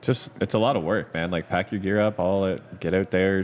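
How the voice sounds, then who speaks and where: A man co-hosting a podcast, chatting in a relaxed, casual way over drinks in a pub. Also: low voice, a little fast, slight background noise. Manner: relaxed, says "man" and "like" a lot. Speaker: podcast co-host. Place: back bar of a pub.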